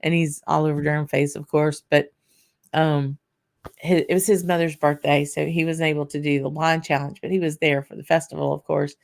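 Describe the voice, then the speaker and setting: A tired, slightly hoarse woman from Louisiana, chatting casually as host of her own vlog, with lots of fillers and restarts. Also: sits low, flat delivery, a little fast. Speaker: whisky channel host.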